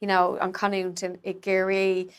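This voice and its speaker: A woman's voice: medium pitch, completely flat delivery, normal speed, smooth. A young woman with a Dublin accent, an Irish theatre maker chatting casually and rambling with many fillers. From Ireland. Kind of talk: casual conversation.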